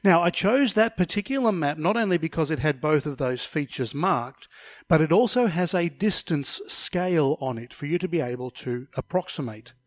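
A man's voice: fairly high pitch, lively intonation, normal speed, dry recording. A man teaching a Bible study lesson, explaining passages step by step and referring to slides, sometimes stumbling over a word.

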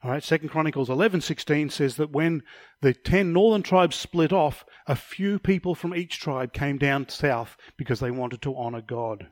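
A man's voice: fairly high pitch, normal speed, dry recording, studio quality. A man teaching a Bible study lesson, explaining passages step by step and referring to slides, sometimes stumbling over a word.

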